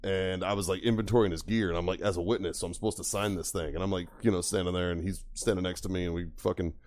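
A man's voice: sits low, steady tone, fast talker, darkish tone. A man in his thirties hosting a podcast, telling profane stories with plenty of laughter. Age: 30s. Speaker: podcast host. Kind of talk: casual storytelling.

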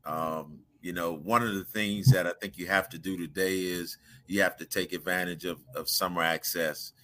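A basketball coach joins a radio show as a friendly, conversational guest. His voice is deep but bright and clear. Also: fairly even intonation, normal speed. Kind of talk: call-in guest interview.

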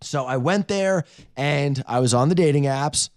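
A man guesting on a radio show, telling a dating story in a playful, animated way with easy laughs. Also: on the high side, moderate pace, no echo. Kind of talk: casual storytelling chat.

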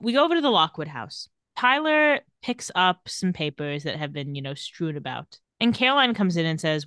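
A woman co-hosts a relaxed chat about a TV episode, retelling scenes with acted quotes and easy laughter. Her voice is bright and clear. The sound is dry, with little room around it. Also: lowish voice, moderate pace, hardly any pauses, dry recording. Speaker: podcast co-host. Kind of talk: casual recap chat.

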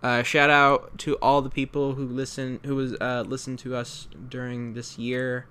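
Male podcast co-host: bright, sharp voice, irreverent jokey banter. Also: mid-range voice, monotone, normal speed, a little hiss or hum. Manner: jokey and irreverent, swears casually. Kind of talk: casual film podcast chat.

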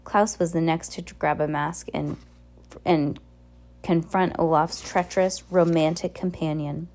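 Woman audiobook narrator, dark mellow tone, steady read. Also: low-pitched, unhurried. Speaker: audiobook reader.

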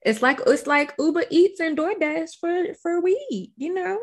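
A woman co-hosting a podcast, adding short relaxed remarks in casual chat. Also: very high voice, a little slow. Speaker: podcast co-host.

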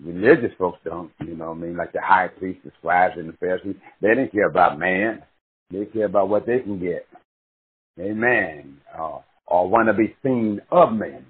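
A man preaching a sermon with passion, swinging from shouted cries to hushed murmurs and drawing out words slowly. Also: low voice, slightly rough. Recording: tinny phone-like recording.

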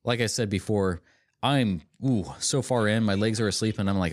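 A man's voice: on the low side, moderate pace, slight background noise. A man co-hosting a podcast in casual chat, rambling with fillers and laughing often. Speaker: podcast co-host.

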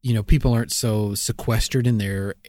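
A man co-hosting a podcast in casual chat, relaxed and explaining things with many fillers. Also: lowish voice, a little fast, no room sound, studio quality. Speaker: podcast co-host.

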